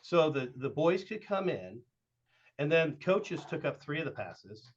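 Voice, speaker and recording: A man's voice: on the high side, very animated, a little slow, lo-fi sound. A middle-aged man from Southern Oregon, a youth baseball coach and podcast guest, telling long casual stories with lots of fillers. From Southern Oregon, USA. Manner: rambling, with frequent "uh" and "like", acting out quoted dialogue.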